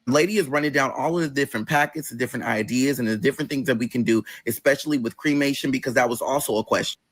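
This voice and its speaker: A man telling a personal story in a casual vlog, animated and profane, acting out the other people's voices. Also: medium pitch, quick pace. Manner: animated, swears often, acts out voices. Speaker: vlogger.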